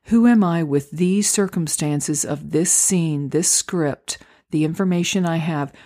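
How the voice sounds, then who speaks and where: A woman hosting a solo podcast, talking through acting auditions in a gentle, encouraging, unhurried way. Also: low-pitched. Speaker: podcast host and acting coach. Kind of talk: reflective solo podcast talk. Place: home, recorded near a street.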